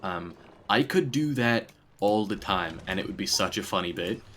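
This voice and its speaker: A man streaming a puzzle game, talking in a loose, rambling way and breaking into laughter often. His voice sits on the lower side, with a faint hiss of background noise. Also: lively intonation, normal speed, a bit bright. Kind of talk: casual gaming stream chat.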